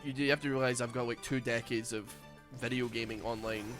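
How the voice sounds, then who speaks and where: A young Scottish man with a light accent, chatting casually while streaming a game. He rambles, then breaks into excited yells. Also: mid-range voice, fast, faint music behind. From Scotland. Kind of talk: casual gaming stream chat.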